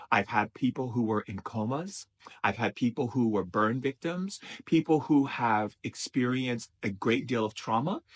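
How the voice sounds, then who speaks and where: A man's voice: mid-range voice, breathy edge. A man as a spiritual teacher giving an emphatic, repetitive motivational talk.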